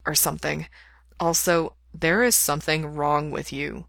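A quiet, reserved young man speaking low and understated, as a woman reading a story puts him on. Her tone stays bright, and the recording is close and dry. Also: steady tone, a little slow, creaky, no echo, exaggerated voice. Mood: soft.

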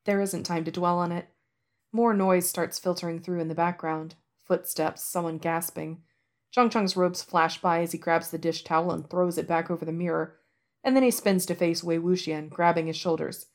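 A woman narrating a fan-fiction audiobook in a soft, measured storytelling manner. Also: fairly low pitch, fairly even intonation.

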